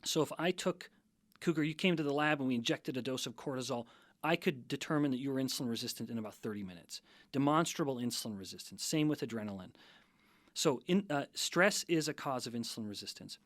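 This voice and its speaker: Measured lecturing man, dry close sound. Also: mid-range voice, a bit bright, no room sound. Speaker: scientist guest. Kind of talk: explanatory interview talk.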